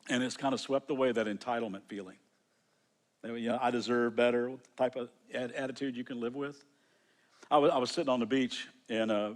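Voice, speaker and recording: A middle-aged American man preaching a sermon in a loose, conversational way, often restarting his words as he tells a story. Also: medium pitch. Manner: conversational, halting with frequent restarts. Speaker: pastor.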